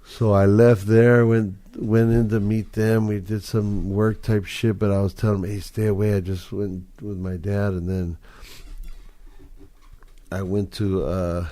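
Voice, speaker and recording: A man with a low voice tells a story in a relaxed, drawling, profane way. His tone is dark and mellow, and he talks like it's a casual chat. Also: unhurried. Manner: laid-back, profane, drawling.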